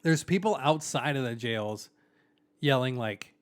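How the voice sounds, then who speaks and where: A man's voice: mid-range voice, expressive, a little slow. A young man co-hosting a podcast, laid-back and jokey, full of slang. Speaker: podcast co-host. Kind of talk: casual chat.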